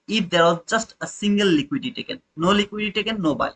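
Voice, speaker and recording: A man's voice: high voice, lively intonation, fast, fairly bright tone, breathy edge, low-quality recording. A young man hosting a live trading stream, talking informally to his chat and repeating his points. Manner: informal, repetitive, talks to chat viewers. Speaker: trading livestream host.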